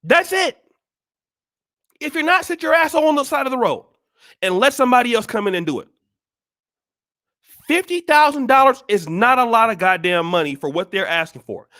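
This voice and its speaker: A man's voice: very high-pitched, lively intonation, normal speed, pauses often. A man hosting his own channel, giving a blunt, scolding motivational monologue full of repeated rhetorical questions. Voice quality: forceful, preachy. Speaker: channel host.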